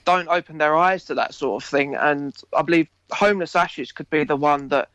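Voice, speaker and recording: Essex guy chatting away in an interview, excited and rambling, kinda high voice, dry sound. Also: moderate pace, no echo, lo-fi sound. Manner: enthusiastic, rambling, laughs often. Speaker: actor interviewee. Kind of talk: casual interview chat.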